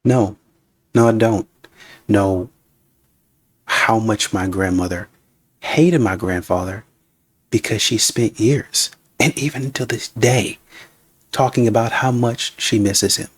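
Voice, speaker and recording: A man's voice: fairly low pitch, slow pace, pauses often, breathy edge, no room sound. A man hosting a reaction video, giving casual, blunt, scolding commentary.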